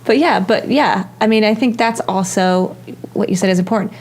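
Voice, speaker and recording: A woman's voice: medium pitch, normal speed, slight background noise. A woman coach hosting a casual conversation, talking in a chatty, agreeable way full of "like" and "you know". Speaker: coach and show host. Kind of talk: casual chat.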